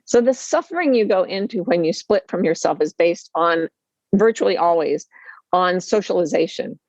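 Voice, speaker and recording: Lively storytelling woman, dull call audio. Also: lowish voice, moderate pace, no echo. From Utah, USA. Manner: lively, self-deprecating humor, acts out quoted voices. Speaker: author and life coach. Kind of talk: candid storytelling interview.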